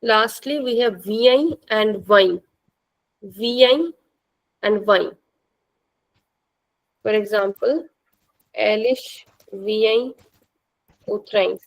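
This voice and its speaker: A woman teaching a language class, speaking slowly and patiently and repeating words for her students. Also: medium pitch, poor audio.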